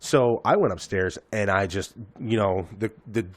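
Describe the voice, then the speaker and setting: A man's voice: on the low side, a little slow, dry recording. A man in his thirties, a podcast host telling a profane, rambling story in casual chat.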